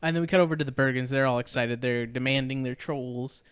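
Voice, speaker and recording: A man co-hosting a podcast, casually retelling a movie plot in a rambling, animated way with fillers and quoted voices. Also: mid-range voice, quick pace, clean tone, dry recording. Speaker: podcast co-host. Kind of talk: casual movie recap chat.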